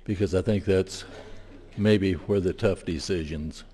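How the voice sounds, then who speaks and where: Deep voiced guy senator talking slow and steady, echoey chamber. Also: slightly rough. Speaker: state senator. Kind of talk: legislative floor speech. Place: legislative chamber. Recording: long hall reverb.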